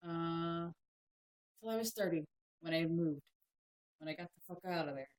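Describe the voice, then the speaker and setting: A woman's voice: moderate pace, low-quality recording. A woman in her thirties from Maryland chatting frankly on a home livestream, trailing off and correcting herself as she goes. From Maryland, USA. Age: 30s. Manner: switches to high excited baby talk for her pets. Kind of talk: casual livestream chat.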